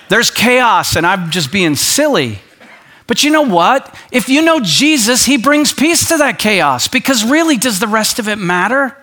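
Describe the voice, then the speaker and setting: Bright, high-voiced male pastor preaching. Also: normal speed. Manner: animated, acts out quoted voices; drops to a soft low voice for emphasis. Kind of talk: sermon.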